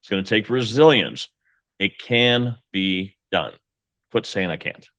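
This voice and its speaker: A man's voice: on the low side, lively intonation, takes it slowly, a bit bright, no room sound. A man talking as a guest mortgage coach, with an emphatic, pep-talk delivery. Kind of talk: casual podcast conversation.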